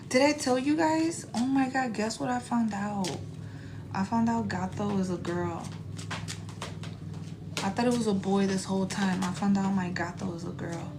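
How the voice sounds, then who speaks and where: A woman in her thirties chatting casually on a live stream as a spiritual reader, animated and profane, with laughing asides. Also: mid-range voice, moderate pace, background noise.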